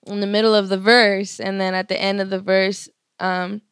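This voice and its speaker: A woman's voice: mid-range voice, flat delivery, normal speed, fairly bright tone, smooth, dry recording, studio quality. A young woman, a musician guest, telling stories in a casual, profane way full of filler words. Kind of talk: casual interview storytelling.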